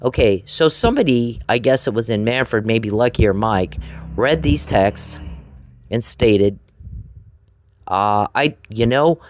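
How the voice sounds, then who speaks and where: A woman's voice: rumbling low, unhurried, darkish tone, no room sound, faint music behind, rough recording. A woman ranting straight at an adversary in a confrontational, sarcastic, profane way, often repeating herself. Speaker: vlogger addressing an adversary. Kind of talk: angry direct-to-camera rant.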